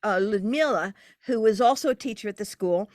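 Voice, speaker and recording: An older woman, a podcast guest, telling a long personal story in an animated way, her pitch leaping as she relives moments. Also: fairly quick, no echo, clean studio sound. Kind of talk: casual storytelling interview.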